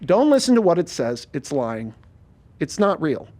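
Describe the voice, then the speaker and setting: A man's voice: on the high side, sing-song, normal speed, mellow. A man playing a cagey middleman who gives short, curt warnings.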